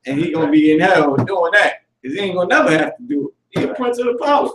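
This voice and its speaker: A man leading a casual group discussion as teacher, animated and profane, often laughing as he talks. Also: high voice, quick pace, roomy sound, far from the mic, poor audio.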